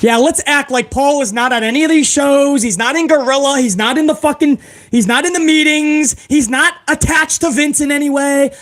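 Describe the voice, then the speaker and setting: Male host with a high voice, profane and ranting, often shouting. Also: normal speed. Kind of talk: profane live-stream rant.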